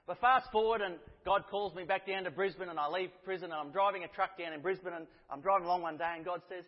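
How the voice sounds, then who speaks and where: A middle-aged Australian man delivers a sermon-style testimony as a storyteller, swinging between loud and hushed. His voice sits a touch high and husky. The sound is lo-fi, with a long hall reverb. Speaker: prison chaplain and ministry speaker. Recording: echoey hall, dull lo-fi sound.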